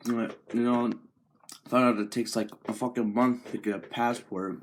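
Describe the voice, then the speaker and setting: Profane teenage boy ranting deadpan. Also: medium pitch, measured pace, slight background noise. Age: teens. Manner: profane, mocking, deadpan slacker drawl. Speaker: vlogger. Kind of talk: crude comedic rant to camera.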